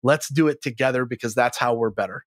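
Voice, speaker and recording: Energetic, blunt man with a dry, close sound. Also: fast talker, dry recording. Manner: energetic and blunt, swears freely, jumps high in pitch for emphasis. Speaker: sales trainer, podcast guest. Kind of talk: casual interview chat.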